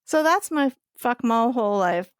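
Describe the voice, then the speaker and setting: A woman co-hosting a podcast, telling a personal story in a casual, animated way and swearing freely. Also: a little high, moderate pace, clear, resonant tone, no room sound, clean studio sound. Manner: animated, swears freely, acts out quoted voices. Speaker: podcast co-host.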